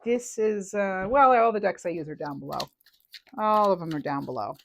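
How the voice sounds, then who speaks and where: A woman giving a casual tarot reading to camera, chatty and animated, full of fillers and restarts. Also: mid-range voice, normal speed, a little hiss or hum. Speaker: tarot reader.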